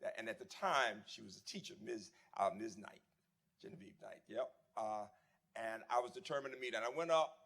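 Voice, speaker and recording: A man in his seventies, a former dean, giving a reflective memorial tribute and reminiscing warmly with some restarts. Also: mid-range voice, lively intonation, normal speed, vocal fry. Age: 70s. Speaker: eulogy speaker, former dean. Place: memorial service.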